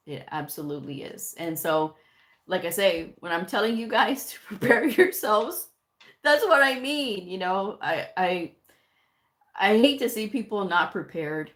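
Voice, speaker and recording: A middle-aged woman hosting a live stream, casually chatting and reading out and answering viewer comments. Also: low-pitched. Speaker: livestream host answering viewer questions.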